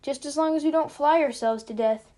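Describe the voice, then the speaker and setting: A man's voice: extremely high pitch, fairly quick, dark tone, voice pushed up. A woman voicing a prim, indignant young male officer who scolds his drunken friends. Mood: scolding.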